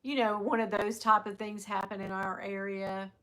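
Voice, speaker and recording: Animated storytelling woman, bright voice. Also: mid-range voice, moderate pace. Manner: animated storyteller, laughs often, mimics people. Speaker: livestream host. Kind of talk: casual chat to viewers.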